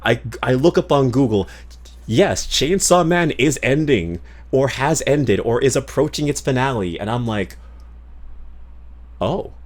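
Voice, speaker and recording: A male streamer talks off the cuff to his viewers, rambling from thought to thought and swearing freely. His voice sits in an ordinary middle pitch. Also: lively intonation, unhurried. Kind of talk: casual livestream chat.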